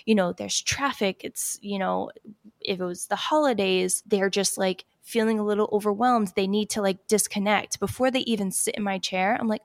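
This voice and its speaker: Brief: woman, hairstylist guest, slight vocal fry, dry close sound, calm counting, chatty filler-heavy talk. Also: mid-range voice, normal speed, no echo. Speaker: hairstylist guiding breathing exercises. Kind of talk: casual podcast chat with guided breathing.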